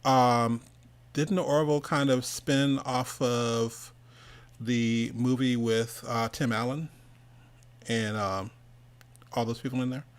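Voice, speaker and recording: A middle-aged man spins a loose, casual story as the host of an online event, interrupting himself constantly and breaking into chuckles. He acts out the people in it with quick shifts of voice. His pitch sits in an ordinary middle range. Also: steady tone, smooth. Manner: rambling, self-interrupting, laughs often, quotes people in changing voices. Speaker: host of an online animation summit.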